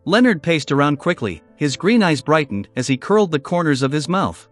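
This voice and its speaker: A man reading a fantasy light novel aloud as scripted narration, with an expressive delivery. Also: on the high side, normal speed, faint music behind. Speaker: audiobook narrator.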